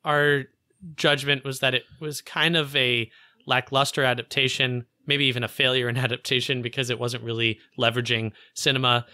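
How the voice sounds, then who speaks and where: A man's voice: medium pitch, little pitch movement, normal speed, pushed and bright, clear, resonant tone, no room sound. A man co-hosting a podcast, talking about a film in a casual, enthusiastic way with many "like" fillers. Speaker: podcast co-host.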